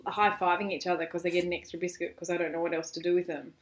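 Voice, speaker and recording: A woman co-hosting a podcast, telling lively stories about family life. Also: lowish voice, quick pace. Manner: animated storyteller, acts out quotes. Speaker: podcast co-host. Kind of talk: casual chat. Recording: roomy echo.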